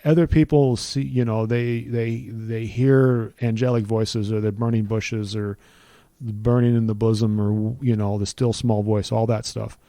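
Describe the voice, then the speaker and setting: Earnest middle-aged man, mellow voice. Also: on the low side, level tone, a little slow, no room sound. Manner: earnest, preacherly build-ups with repeated phrases. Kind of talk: personal testimony in conversation.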